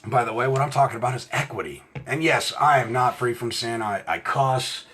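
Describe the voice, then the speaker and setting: A middle-aged American man giving an impassioned, profane talk about rights, swinging from quiet asides to shouting. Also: medium pitch, fairly quick. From United States. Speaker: self-styled legal rights speaker. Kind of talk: impassioned direct-to-camera rant.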